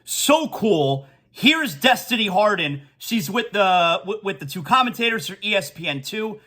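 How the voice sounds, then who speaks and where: A man hosting a solo sports talk show, excitable and animated, repeating catchphrases and reading ads in a casual way. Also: high-pitched, unhurried. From South Florida.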